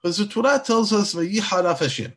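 Male Torah teacher, slightly high and husky, lively lecture delivery. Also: brisk. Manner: animated, acts out biblical dialogue.

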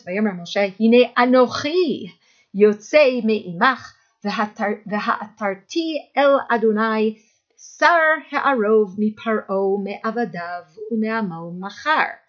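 A woman teaching a Bible text lesson, reading verses slowly, then translating and explaining them. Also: medium pitch. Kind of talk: text study lecture. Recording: dull lo-fi recording.

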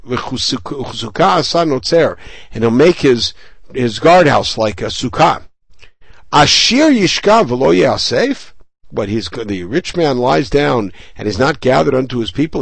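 A man's voice: a little high, creaky, dry recording, low-quality recording. A middle-aged male rabbi teaching a Bible chapter, reading each Hebrew verse and then paraphrasing it in English with rhetorical questions. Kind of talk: verse-by-verse text study lesson.

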